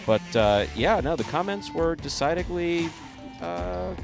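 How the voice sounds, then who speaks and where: A man's voice: on the high side, animated, a little slow, music in the background. A man calling jai alai play-by-play, with rambling asides when he chats with his co-host. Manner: crisp calls of each play, rambling asides in chat. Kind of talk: sports commentary and casual banter.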